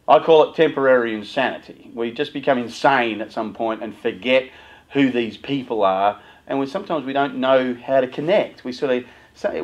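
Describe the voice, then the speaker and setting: A middle-aged youth worker gives an animated motivational talk to parents, acting out the voices of both parents and teens. His voice is medium-pitched, and the recording has its highs cut off.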